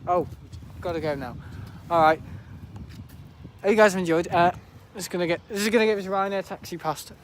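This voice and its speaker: A man's voice: high-pitched, fairly quick, slight background noise. Chatty teenage boy spotting planes outdoors. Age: teens. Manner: chatty, rambling, laughs often. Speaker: planespotting livestreamer. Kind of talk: casual live commentary. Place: outdoors at an airport viewing park.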